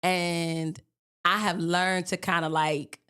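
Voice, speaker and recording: A woman from Birmingham, Alabama, with a mild Southern accent, telling stories as a podcast guest in a lively, animated way. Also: on the low side, clear, resonant tone. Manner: animated storyteller, lively and quick to laugh. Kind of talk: casual interview chat.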